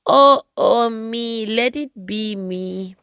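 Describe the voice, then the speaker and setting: Woman voicing an excitable toy boy, squealing, gasping, storybook, gravelly. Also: mid-range voice, slow pace, no room sound, studio quality. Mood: excited. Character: excitable little toy boy, eager and easily flustered.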